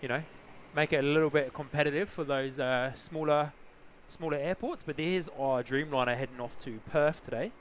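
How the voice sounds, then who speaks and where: Outdoors near an airport, a New Zealand-accented plane spotter hosts a casual live stream, chatting and welcoming viewers. His pitch is fairly high, he talks at normal speed with few pauses, and there's a little hiss or hum.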